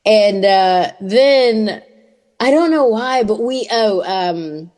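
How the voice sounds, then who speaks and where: A woman telling a story in casual podcast chat, animated and expressive. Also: mid-range voice, slow. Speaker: podcast panelist.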